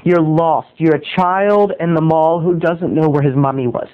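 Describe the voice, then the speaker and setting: A man with a high-pitched voice tells a comic story in an animated, dramatic, self-mocking way. He plays up his own frustration for laughs. The recording is dull and lo-fi. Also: normal speed, clean tone. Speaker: video blogger.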